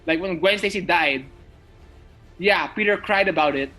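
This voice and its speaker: A man's voice: high voice, moderate pace, sharp tone, faint music behind, rough recording. Stammering, swearing man ranting about movies. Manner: rambling, stammering restarts, swearing for emphasis. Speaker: podcast co-host. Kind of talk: casual movie chat.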